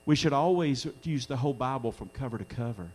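A man's voice: medium pitch, expressive, fairly quick, a little mellow, a little hiss or hum. A middle-aged man preaching a sermon in a church, earnest, his voice swelling when he quotes scripture. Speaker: pastor. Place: church sanctuary during a live-streamed service.

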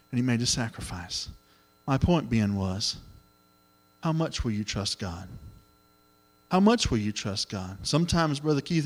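A middle-aged man preaching a sermon, telling the story in an animated way and acting out the voices. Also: mid-range voice. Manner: animated storytelling, acts out voices, exclamations of hallelujah.

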